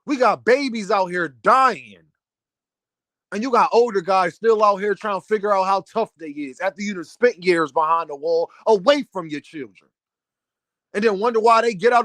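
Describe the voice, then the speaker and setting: A young man on a heated rant, scolding the older generation in a preachy, lecturing way. His voice sits high for a man, and the recording is dry and close, with almost no room sound. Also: fairly bright tone, no echo. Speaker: commentator. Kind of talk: opinion rant to camera.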